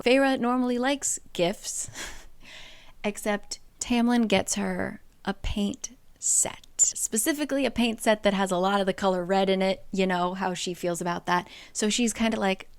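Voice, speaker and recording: A woman's voice: medium pitch, fairly even intonation, moderate pace, clean tone, no echo. A young woman casually retelling a book plot, chatty and full of fillers. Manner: chatty, lots of fillers like "like" and "basically". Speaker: book summarizer.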